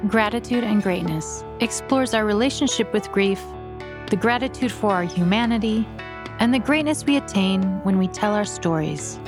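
A woman hosting a podcast, reading a measured, gentle introduction and asking interview questions. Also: mid-range voice. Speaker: podcast host. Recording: speech over clear background music.

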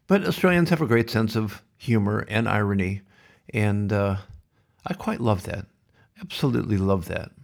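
A middle-aged man hosts a podcast with a low, gravelly voice full of fry. He rants bluntly and sardonically, working himself up between dry asides. The delivery stays opinionated and conversational throughout. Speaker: podcast host.

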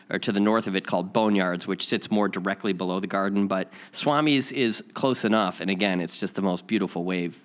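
Casual male lesson host, lower voice, rambling storyteller. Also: a bit bright. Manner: rambling, many restarts and repeats.

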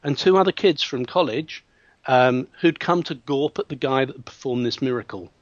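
A man, a hypnotherapist telling a client story in an interview, lively and acting out voices with frequent restarts. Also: medium pitch, normal speed, no echo. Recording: dull, dry sound.

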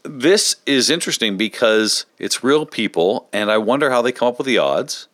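A man chatting on a podcast in an animated, talkative way, laughing easily. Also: medium pitch, moderate pace, no echo. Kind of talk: casual podcast chat.

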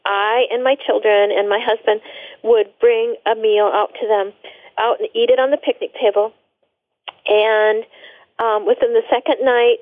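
A woman guest telling a personal story in a radio interview, earnest and halting, with many restarts. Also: a little high, no room sound. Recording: tinny phone line.

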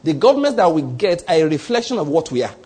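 A man's voice: a little high, sing-song, fast, warm tone, breathy edge. A man preaching a sermon, posing rhetorical questions to his congregation. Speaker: pastor.

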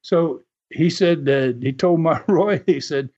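In a fairly high but darkish voice, a podcast host takes his time telling a casual story, yet barely pauses. The telling is rambling and thick with "uh" fillers, and the recording sounds dull and lo-fi.

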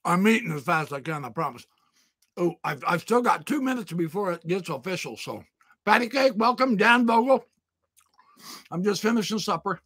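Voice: mid-range voice, expressive, moderate pace, husky, no echo, studio quality. A livestream host chatting playfully with viewers while talking through a mouthful of food. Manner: playful, greets viewers by name, exclaims loudly. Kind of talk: casual live-stream chat.

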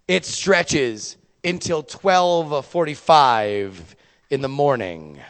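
A young man doing stand-up storytelling, profane and animated, with sudden loud bursts. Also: fairly high pitch, clean tone, big-room sound. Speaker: stand-up comedian.

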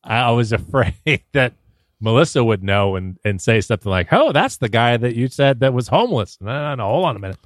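A man's voice: mid-range voice, expressive, a little fast, no room sound, studio quality. A man co-hosting a podcast, telling a story in casual chat with stammering restarts and laughs. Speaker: podcast co-host.

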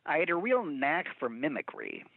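A man who works as a voice actor tells stories from his career in an animated, laughing way during an interview. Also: a little high, moderate pace, creaky, no room sound. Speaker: voice actor guest. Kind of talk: relaxed interview storytelling. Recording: tinny phone line, dry.

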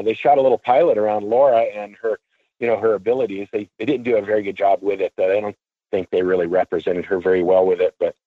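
A man, an auctioneer, telling a long anecdote in a radio interview, casual and animated, and he acts out what people said. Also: fairly low pitch, dry recording, phone-quality sound. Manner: animated storyteller, acts out quotes; casual, swears freely. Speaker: auctioneer guest. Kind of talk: storytelling interview.

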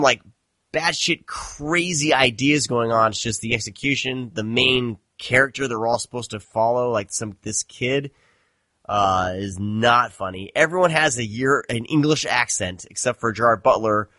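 A male podcast host chatting casually, rambling and swearing as he goes. His voice sits at a middle pitch, recorded dry and close with little room sound. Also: measured pace, pushed and bright, no echo. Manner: rambling, profane, self-deprecating. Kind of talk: casual chat.

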